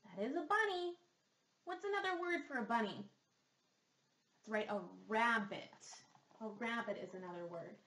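A woman's voice: fairly high pitch, lively intonation, normal speed, pauses often, pushed and bright. A woman speech therapist reading a picture book aloud to young children, asking them patient, sing-song questions as she goes. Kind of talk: slow read-aloud lesson with questions. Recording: echoey room.

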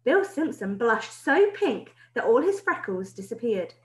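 Expressive woman reading a children's story. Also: on the high side, a little slow. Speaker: primary school teacher. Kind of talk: reading a children's book aloud. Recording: roomy echo.

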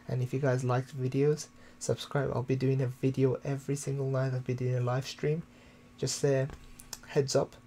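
Early in the morning at home, a young British man with a medium-pitched voice chats casually with viewers while playing a game on a live stream. He keeps his voice quiet so he won't wake the neighbors at night, and his desktop USB microphone picks up a little hiss or hum.

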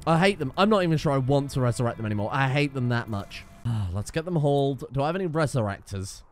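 A man's voice: mid-range voice, expressive, fast, a little hiss or hum. Exasperated man commentating a game. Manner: exasperated, sarcastic, swears often. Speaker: gaming YouTuber. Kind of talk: let's play commentary.

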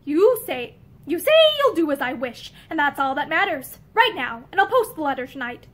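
A woman's voice: sits high, very animated, moderate pace, a bit bright. A curt, domineering husband, as a woman reads him. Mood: stern. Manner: clipped and commanding.

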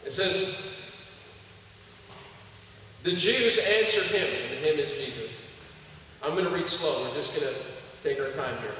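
A man's voice: on the high side, moderate pace, a bit bright, slight background noise. A male pastor preaching a sermon and leading prayer, with rising emphasis and call-and-response with the congregation. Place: church sanctuary. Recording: echoey church hall from far off.

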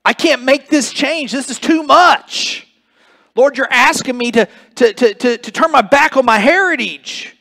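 A man's voice: high voice, very animated, measured pace, a bit bright, full character voice. A man voicing the apostle Peter as a grown man who balks and pleads, stammering in rising protest. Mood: pleading protest.

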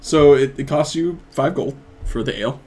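A man narrating as game master in a tabletop game, animated, laughing often between lines. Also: mid-range voice, moderate pace, heavy background noise.

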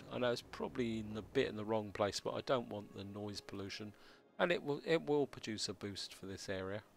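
A man hosting a city-building let's play, talking casually as he plays, with a slightly croaky voice and a halting, stammering way of speaking. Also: on the low side. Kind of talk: casual gameplay commentary.

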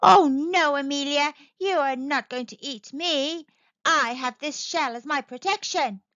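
A woman's voice: high voice, measured pace, a bit bright, no room sound. A woman voicing a small defiant fish in a children's storybook, cheeky and taunting. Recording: dull, slightly lo-fi, dry.

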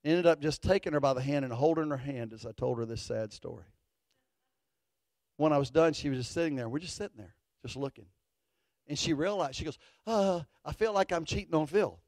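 A middle-aged man, a pastor telling a folksy story in a sermon, animated and building to fervent declarations. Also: mid-range voice, brisk, no room sound.

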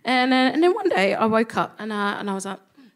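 A woman's voice: a little high, big pitch swings, quick pace. A woman telling a self-mocking comic story on stage, acting out the voices of the people in it. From England. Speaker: comedy podcast co-host. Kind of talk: stand-up storytelling before a live audience. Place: live venue stage.

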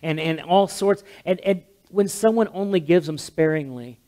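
A male pastor giving a heartfelt memorial sermon in a church, talkative and loud by his own account, often restarting his sentences. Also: fairly high pitch, normal speed. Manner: talkative, self-described loud, frequent restarts. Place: church sanctuary. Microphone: amplified handheld or stand mic with monitor.

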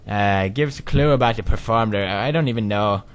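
A man giving goofy, jumpy commentary as he plays a horror game, with sudden loud outbursts. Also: fairly low pitch, brisk. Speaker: gaming commentator.

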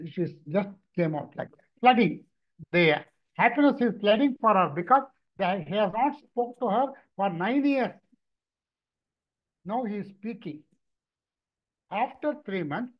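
A man, a mridangam teacher and therapist, telling stories in an animated lecture, often repeating and restarting words. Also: high-pitched, measured pace. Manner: animated storytelling, frequent repetitions and restarts. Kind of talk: lecture with anecdotes. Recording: dull lo-fi recording.

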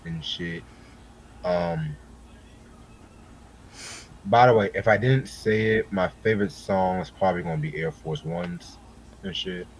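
A man co-hosting an album review in casual chat, laid-back and unhurried, swearing casually and a little high. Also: big pitch swings, vocal fry, a little hiss or hum. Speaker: podcast co-host reviewing an album.

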